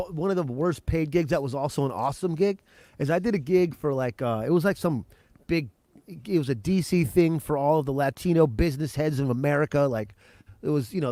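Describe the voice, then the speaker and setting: A man, a comedian, telling a self-deprecating story about bombing onstage, with halting starts and stops. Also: a little high, warm tone, no echo. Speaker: comedian guest. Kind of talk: casual chat on a video call.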